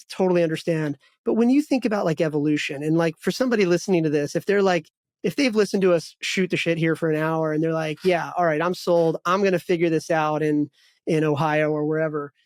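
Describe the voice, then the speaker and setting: A man in his forties hosts a casual podcast interview. His voice sits high and light, and he tells stories in a loose, rambling way, doubling back on himself. The sound is dry and close, with no room around it. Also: no echo. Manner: storytelling, rambling with restarts. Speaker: podcast host.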